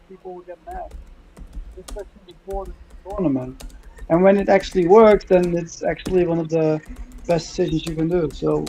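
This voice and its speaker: A man from the Netherlands, chatting excitedly about football on a live stream, peppering his talk with "like". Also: sits high, a little hiss or hum, low-quality recording. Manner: excitable, uses "like" a lot. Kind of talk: casual live-stream chat.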